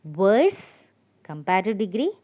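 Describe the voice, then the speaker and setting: A woman with a mid-pitched voice teaches a grammar lesson, patient and methodical. She spells words out one letter at a time and pauses with small fillers. The recording sounds a little dull and lo-fi. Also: sing-song. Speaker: English teacher.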